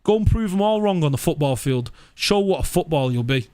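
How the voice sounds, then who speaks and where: Animated male football-fan streamer. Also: a little high, brisk. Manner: animated, mock-outraged, repeats words. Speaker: fan channel presenter reading live chat. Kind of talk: casual live-stream chat.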